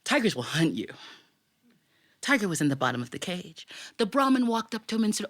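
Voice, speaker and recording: A woman with a fairly low voice tells a family story live in a recording studio before an audience. She speaks briskly and is lively and chatty, quizzing her listeners with questions.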